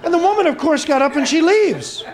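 A man doing stand-up comedy, telling jokes with animated punchline delivery. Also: extremely high pitch, brisk, a faint crowd. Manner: animated, punchline-driven storytelling.

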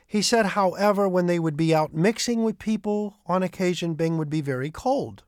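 High-voiced man telling anecdotes. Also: normal speed, dry recording, studio quality. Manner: animated, repeats quoted speech. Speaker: storyteller. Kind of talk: retelling anecdotes.

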